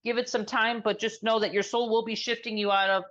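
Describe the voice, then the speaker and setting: A woman sound healer guiding an energy healing session, talking slowly and soothingly. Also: fairly high pitch, steady tone, a bit bright, dull audio.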